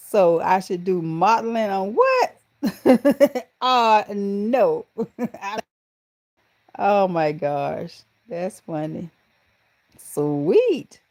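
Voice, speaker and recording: A woman's voice: medium pitch, expressive, very slow, pauses often, darkish tone. A middle-aged woman with a Southern American accent, hosting a live stream and chatting with viewers, calling them honey and baby. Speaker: channel host.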